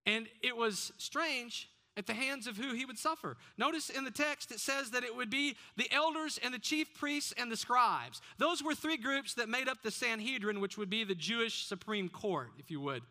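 A man's voice: extremely high pitch, moderate pace, few pauses, pushed and bright. A man preaching a sermon as pastor, often putting questions to the congregation.

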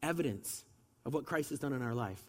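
A man's voice: medium pitch, animated, brisk, long reverb tail. A man preaching a sermon in a conversational way, asking the audience rhetorical questions, and he has a slight cold.

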